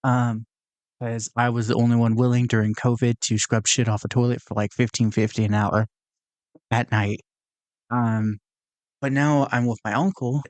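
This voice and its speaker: A young man hosts his podcast alone in a casual, earnest monologue. He rambles and restarts as he works through his thoughts. His voice sits at an ordinary pitch and is recorded dry, with no room echo. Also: fairly even intonation, normal speed. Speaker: podcast host.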